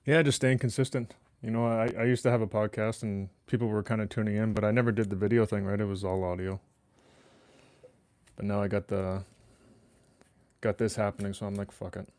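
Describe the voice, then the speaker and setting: Low-voiced guy hosting a home podcast, loose and profane, dry close mic. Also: level tone, brisk, long pauses, darkish tone, clean tone, no echo. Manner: rambling, swears freely, talks to chat. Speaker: podcast host. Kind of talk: casual solo livestream chat. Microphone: desk microphone.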